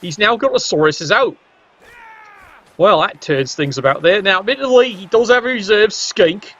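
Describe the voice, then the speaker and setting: A man's voice: sits high, expressive, moderate pace, a bit bright, lo-fi sound. A man giving casual, chatty commentary on a tabletop-style video game, joking with viewers in the chat.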